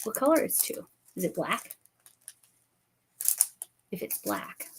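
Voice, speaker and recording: A woman's voice: on the low side, wildly swooping pitch, slow pace, background noise. A woman in her fifties hosting a crochet channel, chatting casually with viewers by name while she crafts, often correcting herself.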